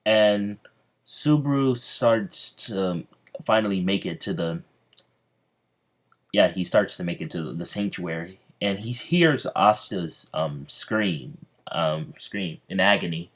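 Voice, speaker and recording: A man casually narrating a fan-fiction story as a video creator, halting with fillers and restarts. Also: low-pitched.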